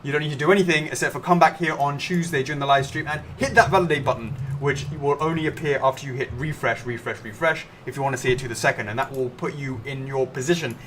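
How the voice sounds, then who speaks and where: A man's voice: medium pitch, fast talker, few pauses, fairly bright tone, slight background noise. Chatty man co-hosting a livestream. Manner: reads viewer comments aloud, chatty, laughs often. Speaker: livestream co-host. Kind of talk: casual live-stream chat.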